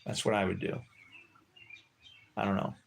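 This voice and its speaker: Low-voiced rambling man chatting outdoors. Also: level tone, normal speed, vocal fry. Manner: rambling, joking, chuckles often. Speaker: livestreamer. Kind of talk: casual livestream chat with viewers.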